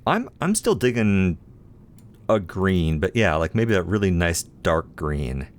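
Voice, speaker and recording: A let's play host gives casual commentary as he plays a game, chatty and playful, talking to himself and teasing himself in a self-deprecating way. His voice is low-pitched and very animated, and he takes it slowly.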